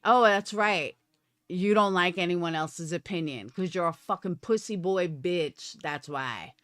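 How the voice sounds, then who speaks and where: A woman's voice: fairly low pitch, unhurried, fairly bright tone, dry recording, studio quality. A woman live streamer ranting at her viewers, profane and combative. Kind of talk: livestream rant.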